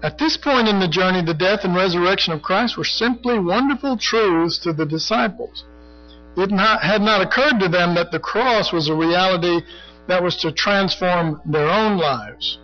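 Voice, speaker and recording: High-voiced older man preaching casually. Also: normal speed, soft background music. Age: middle-aged or older. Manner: rambling, full of "you know", clears his throat often. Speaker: Bible study teacher. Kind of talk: conversational sermon teaching. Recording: dull lo-fi recording.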